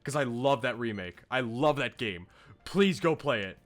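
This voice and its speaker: A man's voice: medium pitch, expressive, moderate pace, soft background music. Enthusiastic young male game streamer. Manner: enthusiastic, gushing, laughs a lot. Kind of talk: casual gameplay commentary.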